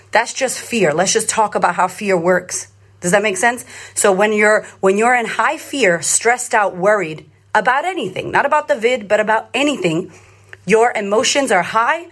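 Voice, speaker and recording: A woman's voice: medium pitch, moderate pace, a bit bright. A woman in her thirties from Australia, a confidence coach talking live to her followers in a blunt, emphatic way, swearing freely and repeating phrases for emphasis. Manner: repetitive, rallying cadence. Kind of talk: live social media talk to followers.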